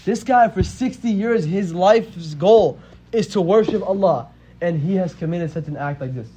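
This religious teacher, a man in his twenties, has a high, warm voice and speaks at a normal speed. He relates a religious story conversationally, frequently tossing in "right?", on a dull lo-fi recording with faint hiss.

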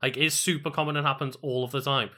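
A man's voice: mid-range voice, fairly even intonation, quick pace, sharp tone. A man co-hosting a stream in casual chat, rambling with many fillers and some swearing.

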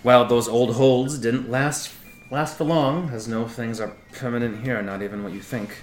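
A man narrating a tabletop game as game master, telling a character's backstory in a slow, drawn-out way with laughs and restarts. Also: mid-range voice, fairly even intonation, reverberant.

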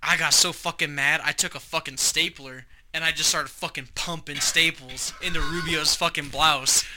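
A man's voice: a little high, steady tone, normal speed. A man co-hosting a podcast, telling stories in a casual, profane, rambling way. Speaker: podcast co-host. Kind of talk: casual chat, storytelling. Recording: noisy podcast recording.

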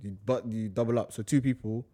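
A man's voice: fairly low pitch, steady tone, fairly quick, dark tone. A young man, bantering casually as a podcast guest. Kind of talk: casual chat.

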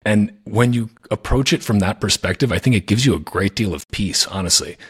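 A man with a low, husky voice hosts a podcast in a casual conversation. He speaks in an earnest, reflective way and often restarts his sentences as he thinks aloud. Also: fairly quick. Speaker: podcast host.

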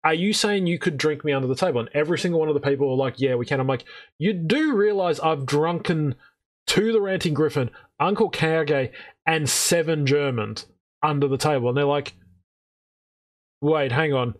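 Podcast co-host, male, slightly high voice, profane and animated anecdote teller. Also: moderate pace. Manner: swearing, animated, acts out quoted voices. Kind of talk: casual storytelling chat.

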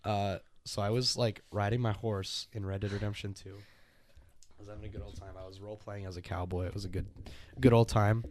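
A man's voice: on the low side, fairly even intonation, brisk, a little mellow. A man co-hosting a casual podcast, telling rambling stories and laughing often. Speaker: podcast co-host. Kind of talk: casual chat.

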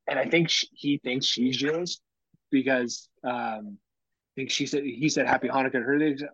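A husky-voiced man in his thirties chats as a podcast co-host and tells his stories with lively acted quotes. His voice is close and dry, and the recording has a dull, lo-fi sound. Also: medium pitch, moderate pace, dry recording. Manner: animated storyteller, acts out quotes. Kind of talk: casual chat.

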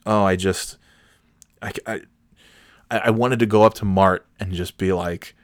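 A middle-aged man with a fairly low voice tells a story in an exasperated, foul-mouthed rant. He stumbles, restarts and searches for words, then drips sarcasm. The recording is dry and close, with no room echo. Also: fairly even intonation, unhurried, long pauses.

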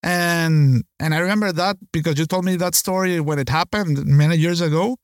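A chef and podcast co-host, this man talks in a rambling, casual way with a high voice. The sound is dry and close. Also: normal speed, dry recording. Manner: rambling, many "you know"s. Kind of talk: casual chat.

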